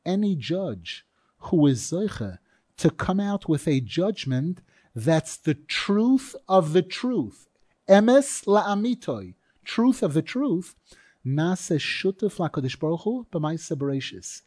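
A man's voice: a little high, very animated, slow pace, a little mellow, husky, dry recording. A man teaching a Torah class in an earnest, emphatic way, stressing key phrases by repeating them.

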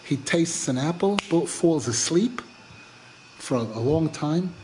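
A middle-aged Torah teacher, his voice on the high side and a little slow, teaches a religious lesson by retelling a folk tale. His animated telling is repetitive, with phrases often restarted, and a faint hiss or hum sits under the audio.

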